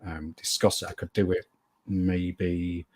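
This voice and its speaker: A man's voice: sits low, level tone, slow, husky. A man being interviewed as a guest medium, telling a story earnestly and at length, often repeating phrases for emphasis.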